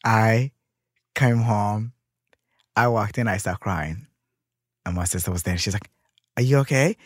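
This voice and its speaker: A man in his thirties from Minneapolis, telling a personal story in an animated way and acting out the voices of others. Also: on the low side, a little slow, no room sound, studio quality. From Minneapolis, USA. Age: 30s. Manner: animated, acts out quoted voices. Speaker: interview guest, drag performer.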